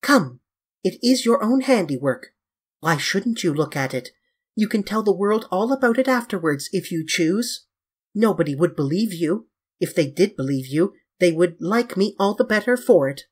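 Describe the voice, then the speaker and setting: A reader voicing a bitter, scornful young man who speaks in a hard, clear, mocking voice, higher and sharper than the narration. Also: expressive, moderate pace. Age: young adult.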